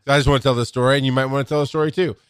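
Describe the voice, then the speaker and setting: A middle-aged man co-hosting a podcast, telling a story in casual chat, swearing freely and loudly acting out quotes. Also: mid-range voice, steady tone, very fast, clear, resonant tone. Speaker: podcast co-host.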